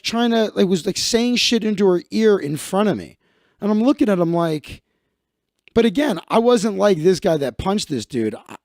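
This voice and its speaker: A high-pitched man from Chicago rants casually on his livestream, his voice leaping around with a gravelly rasp. He swears freely and acts out other people. The sound is dry and close. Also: darkish tone, no room sound. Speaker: livestream host. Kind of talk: casual comedic rant.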